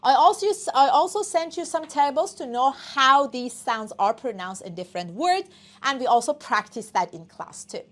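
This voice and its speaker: Woman teacher, native Persian speaker, high voice, very animated pitch, coaxing class lecture. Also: moderate pace. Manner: animated, coaxing, checks in with "okay?". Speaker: English test teacher.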